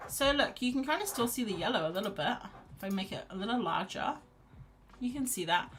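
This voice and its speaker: A woman's voice: mid-range voice, animated, quick pace, a little hiss or hum. A woman hosting a casual live painting chat, chatty and self-deprecating, laughing often. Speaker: art livestream host.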